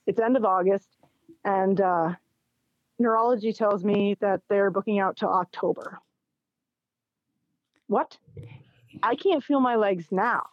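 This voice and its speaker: A woman's voice: mid-range voice, unhurried, pauses often, no echo. A middle-aged woman, an interview guest, telling a personal story in casual chat and acting out what others said. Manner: animated, acts out quoted dialogue with laughs. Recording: dull, dry lo-fi recording.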